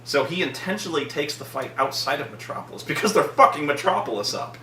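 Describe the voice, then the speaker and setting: A man hosting a vlog rants casually about a film, swearing and putting on mocking voices in an animated movie-review rant. His voice is a little high and quick, with a slight hiss or hum, and the distant mic picks up an echoey room.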